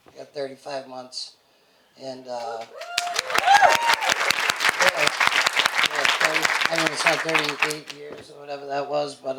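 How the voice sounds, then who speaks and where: A man telling his own recovery story to an audience, halting and self-deprecating, a little short of breath. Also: mid-range voice, creaky, pushed and bright, slight background noise. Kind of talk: personal story told to an audience. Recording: echoey hall.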